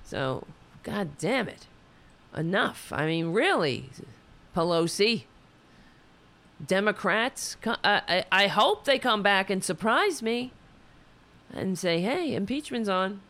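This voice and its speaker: A show host delivers a furious political rant, swearing freely and tripping over half-finished sentences. The voice is worn hoarse from all the shouting, and the host keeps getting excited again anyway. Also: mid-range voice, slow pace, pauses often. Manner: angry, profane, excitable, stumbling restarts. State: hoarse, losing the voice.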